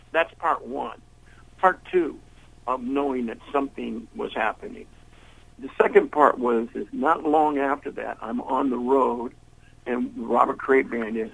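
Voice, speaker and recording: Older male blues singer, gravelly and husky, rambling storyteller who acts out every voice in his anecdotes. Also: mid-range voice, a bit bright, rough recording. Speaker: blues singer, interview guest. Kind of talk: casual storytelling interview.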